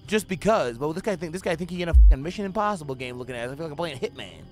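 A young man streaming a video game, giving profane running commentary that swings between low muttering and sudden yelling. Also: expressive, very fast, faint music behind. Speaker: gaming streamer. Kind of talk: live gameplay commentary.

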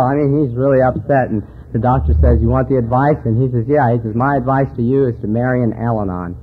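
He's a fast talker with a steady tone and a mid-range voice, barely pausing as he tells folksy jokes and stories at a recovery conference. The hall audio is tinny and phone-like.

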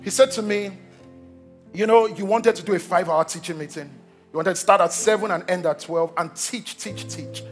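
A man's voice: high voice, normal speed, soft background music. A young Nigerian man, a pastor, telling a story in a sermon, joking with the congregation as he goes. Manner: animated storytelling, jokes with the congregation.

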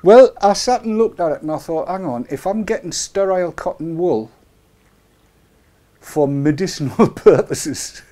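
Male host, middle-aged, slightly raised pitch, rambling and full of jokes on a live chat show. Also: animated, a little slow, mellow. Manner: joking, rambling, chuckling asides. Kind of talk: casual live webcast chat.

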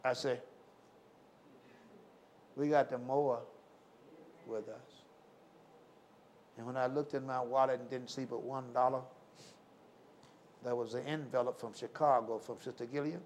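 An older man preaching a live sermon, fervent and swinging from loud exclamations to low murmurs. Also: steady tone, a little fast, slight background noise. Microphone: live stream.

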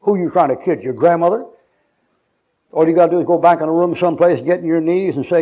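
A man's voice: on the high side, fast, dark tone, lo-fi sound. A man preaching a sermon in a church, blunt and mocking, joking with his congregation. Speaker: pastor.

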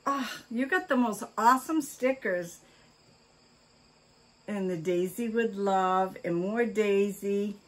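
An older woman, a vlogger, chats casually as she opens fan mail, gushing with oohs, gasps and delighted exclamations. She speaks slowly in a mid-range voice.

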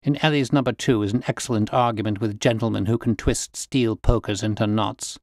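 A man voicing a calm detective who speaks in a cool, bland, dryly amused way. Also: fairly low pitch, a little fast, no echo, studio quality, natural voice. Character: calm, witty male detective, unflappable.

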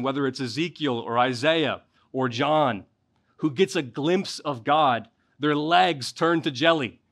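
A man's voice: a little high, fairly bright tone. Man preaching a passionate sermon. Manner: expository preaching, rising in intensity at key points. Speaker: pastor.

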